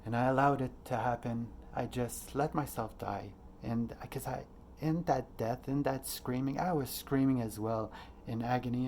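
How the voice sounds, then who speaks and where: A man's voice: medium pitch, normal speed, darkish tone, a little hiss or hum. A man in his late thirties telling a personal story as a podcast host, earnest and rambling, with frequent fillers and swearing. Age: late 30s.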